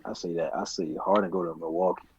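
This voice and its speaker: A man's voice: sits low, steady tone, quick pace, a little mellow, lo-fi sound. A man co-hosting a casual sports podcast, hesitant, opening his points with "I mean" and "I feel like". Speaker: podcast co-host.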